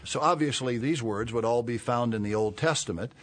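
A man's voice: mid-range voice, brisk. A man preaching a Bible-teaching sermon, who reads verses aloud with rising force and explains words plainly between them.

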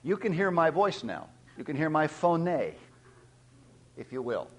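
A man preaching a sermon, teaching and questioning his listeners, swelling loud on key points. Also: a little high, expressive, unhurried. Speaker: pastor.

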